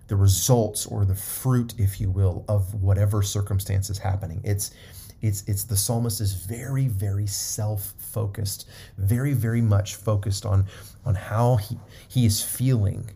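A man's voice: on the low side, gravelly, warm tone, slight background noise. A man preaching a sermon, emphatic and repetitive, often checking in with his listeners.

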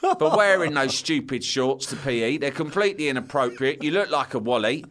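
A man's voice: medium pitch, animated, a little fast, fairly bright tone, a little hiss or hum, natural voice. A man voicing his scornful, mocking male PE teacher, scolding in a sneering way.

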